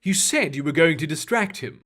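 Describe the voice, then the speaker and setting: A man's voice: fairly high pitch, animated, moderate pace, a bit bright. A man voicing a cold, menacing young male spy who speaks curtly and with scorn. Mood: scornful. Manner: curt, scornful and threatening.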